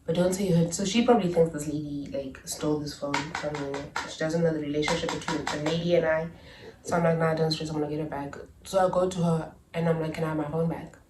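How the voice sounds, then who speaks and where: A young South African woman telling a story in a chatty, animated vlog style, with asides and laughs. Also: sits low, fast talker, recorded from a distance, noisy background. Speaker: YouTuber. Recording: echoey room, a little off-mic.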